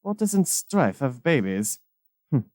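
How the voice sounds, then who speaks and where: Man voicing a wry advisor, calm, dry delivery, mid pitch, dry sound. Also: slow pace, no room sound. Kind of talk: fan audio drama.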